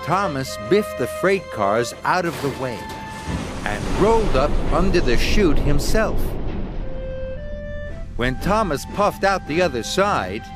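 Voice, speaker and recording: A man narrating a children's story in an expressive, measured storytelling manner. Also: a little high. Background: background music.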